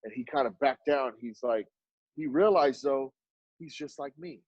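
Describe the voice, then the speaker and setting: A podcast guest, an artist and business owner from Oak Cliff in Dallas, Texas, tells stories in a conversational interview. He's an animated storyteller with a husky voice at normal speed, acting out other people's lines with sudden jumps in pitch. The recording is dry and dull.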